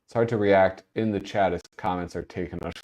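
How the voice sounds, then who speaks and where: A man's voice: sits low, steady tone, a little fast, darkish tone, dull audio. A man hosting a casual livestream, chatting loosely with viewers, often breaking off mid-thought and laughing as he talks. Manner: rambling, self-interrupting, laughs while talking. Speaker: host.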